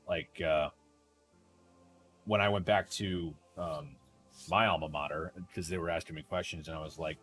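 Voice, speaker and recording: This podcast host has a deep voice with a fairly bright tone. On a laid-back livestream chat, he rambles through stories, swears casually, and answers comments from viewers.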